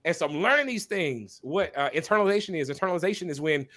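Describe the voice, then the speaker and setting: A man speaking as a podcast guest and minister, talking candidly and passionately, repeating phrases for emphasis like a preacher and pausing to apologize for talking so long. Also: a little high, animated, fairly bright tone. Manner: apologetic asides to listeners. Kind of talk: candid conversational testimony.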